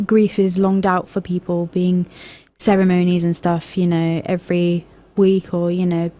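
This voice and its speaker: A woman's voice: lowish voice, flat delivery, measured pace, mellow. A young woman co-hosting a casual youth radio discussion, rambling and hesitant with frequent laughs, speaking into a studio microphone. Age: young adult.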